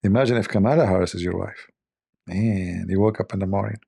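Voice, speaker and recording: A man's voice: deep voice, fairly quick, vocal fry, warm tone, breathy edge. A man hosting a joking commentary who rambles, mocks and thinks aloud into a desk microphone. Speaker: host.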